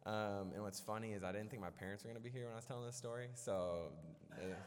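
A man's voice: on the low side, steady tone, fast talker. A young man from Illinois giving a storytelling sermon in a church hall, casual and rambling with lots of fillers and self-deprecating jokes. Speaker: preacher. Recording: echoey hall with long reverb.

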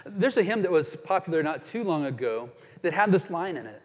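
A man preaching a sermon as pastor, earnest, slowing down dramatically when he quotes scripture. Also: fairly high pitch, sing-song. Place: church sanctuary. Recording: church hall reverb.

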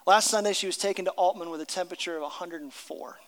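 Man, pastor, sermon, high voice, storytelling, long hall reverb. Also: quick pace. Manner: storytelling, dropping to a hushed voice for tender moments.

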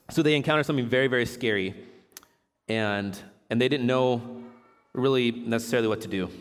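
A man giving a casual, chatty sermon, reading scripture aloud and joking with a laugh as he teaches. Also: medium pitch. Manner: relaxed, chatty, jokes and laughs while teaching. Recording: long hall reverb.

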